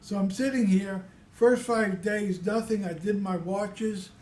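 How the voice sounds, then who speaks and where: A man's voice: high voice, fairly even intonation, unhurried, a little mellow. An older man from Brooklyn, telling his war stories in a rambling, repetitive way. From Brooklyn, New York. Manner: rambling and repetitive, with many restarts. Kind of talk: casual spoken storytelling. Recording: echoey room.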